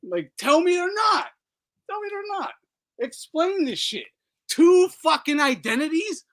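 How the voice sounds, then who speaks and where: A man hosting a boxing talk podcast in a loud, profane, mocking chat. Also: very high-pitched, sing-song, unhurried. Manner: loud, profane, laughing mockery. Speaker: podcast host. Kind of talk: casual chat.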